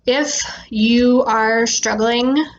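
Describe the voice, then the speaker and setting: A woman speech therapist explaining reading tips to parents in a relaxed way, with frequent "um" fillers, slowing down to stress words when she models them. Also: fairly high pitch, muffled recording, slight background noise. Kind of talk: instructional talk to parents.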